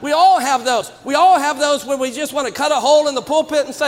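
A man preaching a sermon to a congregation, emphatic and swinging from quiet asides to shouted points. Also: extremely high pitch, a little fast. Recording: long reverb of a church hall.

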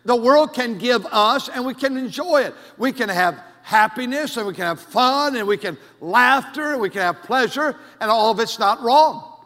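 A man preaching a sermon as pastor, swinging from loud declarations to hushed asides. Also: very high-pitched, animated, moderate pace, big-room sound. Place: church sanctuary.

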